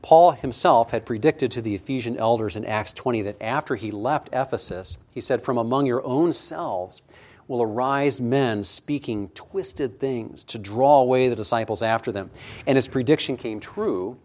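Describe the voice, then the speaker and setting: A man preaching an expository sermon, measured, letting his voice fall soft at the ends of phrases. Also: medium pitch.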